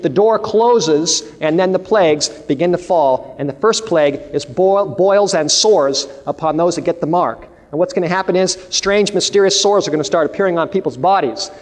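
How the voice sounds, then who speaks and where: A man's voice: high voice, big-room sound. A man preaching a sermon, telling stories and declaiming with emphasis.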